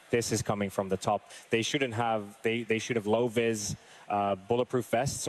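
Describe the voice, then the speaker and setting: Army vet guy in a street interview, lowish voice, earnest, lots of ums. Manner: earnest, hesitant, thinks aloud. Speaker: military veteran.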